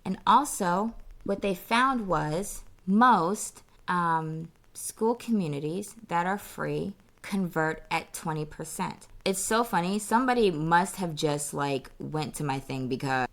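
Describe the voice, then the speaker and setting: A young adult woman business coach giving a casual, sassy pitch straight to the viewer, calling them honey and checking in with okay. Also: animated, takes it slowly, few pauses, fairly bright tone.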